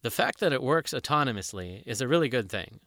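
A man calmly narrating a self-help book in a measured, explanatory reading. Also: mid-range voice, dry recording, clean studio sound. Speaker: audiobook narrator.

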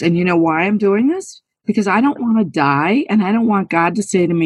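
A woman's voice: medium pitch, fairly quick, hardly any pauses, breathy edge, no room sound. A woman in her sixties from New York State, telling her story as an interview guest in an earnest, emphatic, candid way. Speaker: guest, former college golfer.

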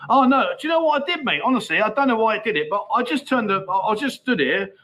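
A man in his middle years hosts a loose livestream, his voice sitting high and sounding bright and forward. He talks in a matey, easygoing way, laughs often and reads viewer comments aloud as he goes. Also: animated, fast talker, rough recording. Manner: chatty, matey, laughs easily. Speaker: livestream host. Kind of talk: casual livestream chat reading comments. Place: Pattaya, outdoors.

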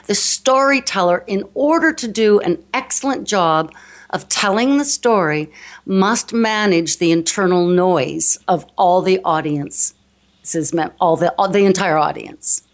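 A woman's voice: medium pitch, expressive, measured pace. A woman with a North American accent, a speech coach explaining her work earnestly in an interview. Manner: earnest, explanatory, with frequent restarts. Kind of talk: interview conversation.

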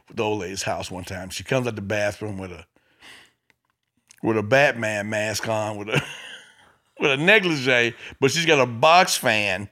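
A man who is a stand-up comedian, telling stories in casual chat, animated and profane, acting out the people in his stories. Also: medium pitch.

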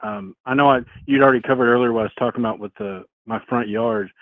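A man's voice: mid-range voice, steady tone, quick pace, no room sound. A man from Arkansas with a Southern accent, calling in to a show and talking earnestly about his lawn. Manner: earnest, rambling, casual cursing. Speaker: caller. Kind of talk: phone-in conversation. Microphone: phone. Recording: tinny phone line.

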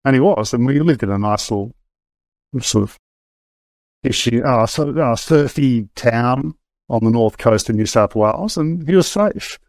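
A man's voice: mid-range voice, a little slow, dry recording. Frank man, dry close sound. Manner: frank, lively, with frequent hesitations and restarts. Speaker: interview guest. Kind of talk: candid conversational storytelling.

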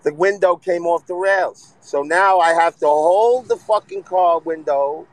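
A man's voice: high-pitched, measured pace, no echo, low-quality recording. A man from Northern New Jersey chatting casually and profanely, talking on a phone while driving. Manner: profane, rambling storyteller. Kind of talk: casual chat. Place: driving a car. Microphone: phone in hand.

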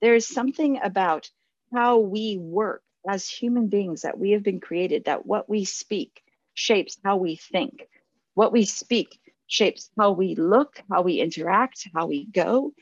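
A woman's voice: mid-range voice, measured pace, no echo. Earnest woman preaching, muffled and dry. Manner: earnest, reflective, with frequent restarts and soft laughs. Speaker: pastor. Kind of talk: sermon.

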